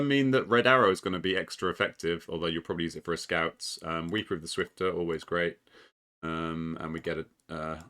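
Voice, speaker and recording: A man commentating a recorded board game match in a casual, excitable way, with plenty of ums, restarts, laughs and the odd swear. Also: deep voice.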